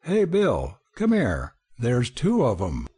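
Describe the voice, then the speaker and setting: Man doing a blunt asylum attendant, curt, insistent, husky. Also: medium pitch, wildly swooping pitch, takes it slowly, dark tone, heavily acted. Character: blunt male asylum attendant, tough and stubborn.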